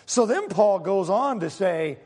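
A man's voice: high-pitched, expressive, measured pace, darkish tone, in a large hall. A male pastor preaching a sermon, emphatic and fond of rhetorical questions to his congregation.

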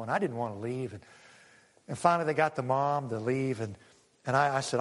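A middle-aged man, a pastor preaching a sermon in a church and telling a story with feeling, going loud and then hushed. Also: fairly high pitch, brisk, pauses often. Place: church sanctuary. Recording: long hall reverb.

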